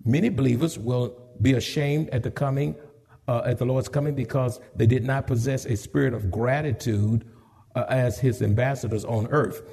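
A man preaching a fervent, emphatic sermon while he has a cold, his husky voice rising and falling. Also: medium pitch, normal speed, mellow, in a large hall. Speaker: pastor. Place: church sanctuary.

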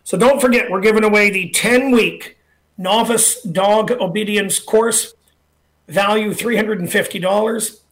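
Sounding easygoing and talkative, this middle-aged man hosts a radio show and works as a dog trainer. His voice sits high, and he promotes things casually, going over numbers slowly amid lots of filler words.

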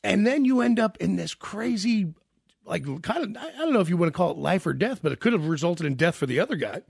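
A man's voice: high-pitched, lively intonation, fast, gravelly, slightly rough, no echo, clean studio sound. A man hosting a casual interview, asking rambling, conversational questions. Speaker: radio host.

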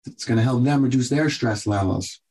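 A man hosting a radio health show as a doctor, giving advice in an earnest, repetitive coaching tone with quick bursts. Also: medium pitch, darkish tone, slightly rough.

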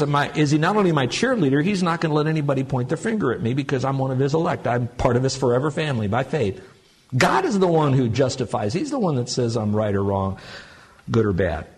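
Middle-aged male pastor, husky voice, animated sermon delivery with sudden high exclamations. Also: moderate pace. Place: church sanctuary.

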